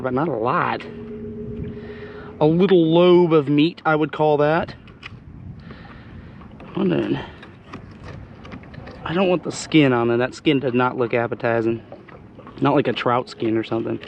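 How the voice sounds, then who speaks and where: A man hosting a fishing vlog, talking casually while he cleans and cooks fish, hoarse as he loses his voice. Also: fairly high pitch, highs cut off, a little hiss or hum. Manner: chatty, exclaims often. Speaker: fishing channel host. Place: outdoors on a boat.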